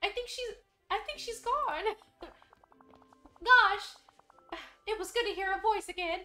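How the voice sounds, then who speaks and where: Giggly, excitable young woman streamer. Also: extremely high pitch, unhurried, faint music behind. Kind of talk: casual game streaming commentary.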